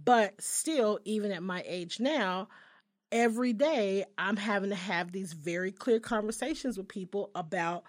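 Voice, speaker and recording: A woman in her thirties telling stories in a casual chat, animated and profane, often breaking into laughter. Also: mid-range voice, a little slow. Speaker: podcast co-host.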